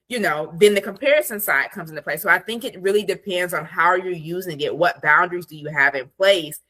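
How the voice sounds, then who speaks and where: A woman's voice: sits low, fairly quick, hardly any pauses, pushed and bright. A woman productivity coach speaking as a podcast guest from her home office desk over a video call. She chats casually with lots of "like" fillers and acts out quoted thoughts. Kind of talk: casual conversational interview.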